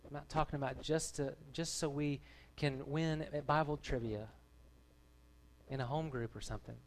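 A man's voice: on the high side, fairly even intonation, moderate pace. A man, a pastor, delivering a sermon to his church in an earnest, conversational way. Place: church gathering.

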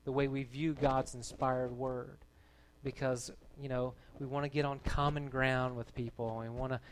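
A man's voice: mid-range voice, flat delivery, moderate pace, slight background noise. A man, a pastor, delivering a sermon to his church in an earnest, conversational way. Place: church gathering.

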